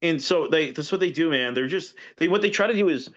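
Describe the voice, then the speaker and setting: A man with a somewhat high voice tells a long story as a podcast guest, rambling along and restarting his sentences as he goes. The recording is dull and slightly lo-fi. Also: expressive, brisk. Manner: rambling, with many restarts and fillers. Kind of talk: casual storytelling in conversation. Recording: dull lo-fi audio.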